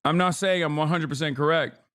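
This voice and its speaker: A man's voice: on the high side, fairly even intonation, a little fast, a bit bright. A man in his thirties ranting combatively at his live chat, swearing often. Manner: profane, combative rants at chat. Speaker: streamer. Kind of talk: live-stream political commentary.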